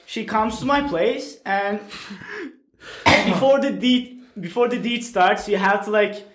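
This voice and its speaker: Young turkish guy telling stories on a podcast, highish voice, keeps asking "right?", echoey room. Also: slow pace. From Turkey. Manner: animated, tags lines with "right?". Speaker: podcast guest. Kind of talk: casual storytelling chat.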